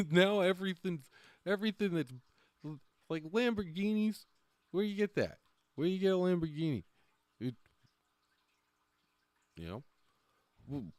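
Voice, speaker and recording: A man's voice: a little high, darkish tone, no room sound. A man talking casually on a livestream, rambling, often trailing off and laughing between thoughts. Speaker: livestream host.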